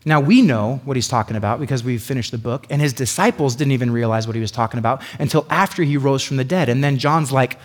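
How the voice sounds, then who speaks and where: A man preaching a sermon as a pastor, telling the story in an animated, sarcastic way. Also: medium pitch, fairly quick, hardly any pauses. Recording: hall reverb.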